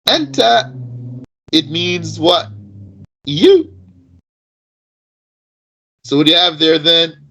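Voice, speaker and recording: A man teaching Arabic grammar in an explanatory lesson, asking rhetorical questions and reciting Arabic quickly. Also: fairly high pitch, flat delivery, bright, forceful tone, low-quality recording.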